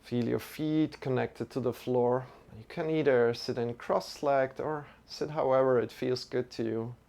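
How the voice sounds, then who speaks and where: A man teaching a beginner yoga and meditation lesson as a live stream, talking in a relaxed, chatty way with many fillers. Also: mid-range voice, unhurried, vocal fry. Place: home room.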